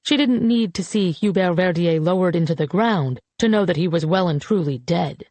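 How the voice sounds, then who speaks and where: A woman reads a novel aloud in an audiobook with a dark, mellow tone. Her storytelling is even and measured. The recording is dry and close. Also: on the low side, dry recording. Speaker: audiobook narrator. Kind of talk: scripted narration.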